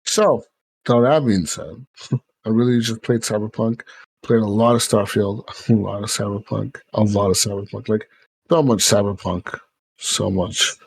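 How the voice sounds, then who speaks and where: A man's voice: lowish voice, fairly even intonation, unhurried, creaky, breathy edge. Guy hosting a gaming podcast, rambly, lots of uh and like, swears a bit. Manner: rambling, swears, many fillers. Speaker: podcast host. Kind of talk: casual chat.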